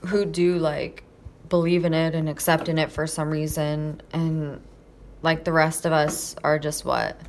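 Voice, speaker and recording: A woman's voice: deep voice, little pitch movement, measured pace, a little hiss or hum. A woman co-hosting a casual podcast, joking and swearing freely as she interjects. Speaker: podcast co-host. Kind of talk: casual chat.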